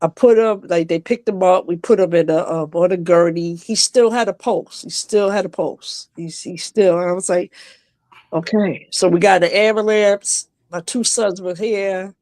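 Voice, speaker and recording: A woman on a video call from home, a guest telling an emotional personal story on a live stream, halting and restarting as she speaks. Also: fairly low pitch, steady tone, a little mellow, dry recording.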